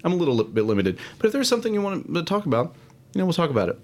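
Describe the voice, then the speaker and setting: A man's voice: on the high side, sing-song, very fast. A man hosting a casual solo show, rambling and self-deprecating with many fillers. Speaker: podcast host. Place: home studio, alone.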